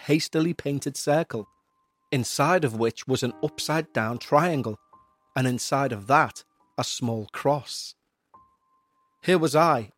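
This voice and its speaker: A man hosting a podcast, reading out a listener's eerie story in a measured, somber way. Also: medium pitch. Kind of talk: narrated paranormal story.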